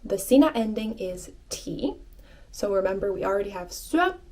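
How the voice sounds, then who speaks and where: A woman giving an online language lesson, patiently repeating phrases slowly and clearly and encouraging her learners. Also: mid-range voice, expressive, a little mellow. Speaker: language teacher.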